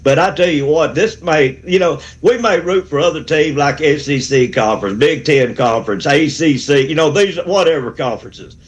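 A man's voice: on the high side, lively intonation, moderate pace, hardly any pauses. A man, calling a sports radio show with a rambling, fired-up pep talk. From Alabama. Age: 60s. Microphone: phone call.

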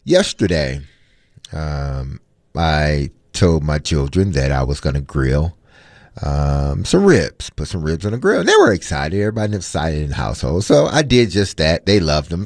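Low-voiced man telling a story. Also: no echo, studio quality. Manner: chatty, animated anecdote with fillers. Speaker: radio sports show co-host. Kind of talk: casual storytelling on talk radio.

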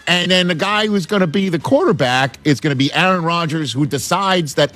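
A man hosting a casual sports talk show, animated and joking, laughing often. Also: a little high, fairly quick, few pauses, faint music behind.

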